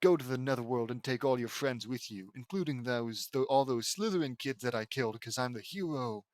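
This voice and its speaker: A boastful young hero from a fan story, read aloud by a man. The lines come flat and unpolished, like a reader trying them out. The sound is dry and close, with no room around it. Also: medium pitch, brisk, no echo, lightly acted.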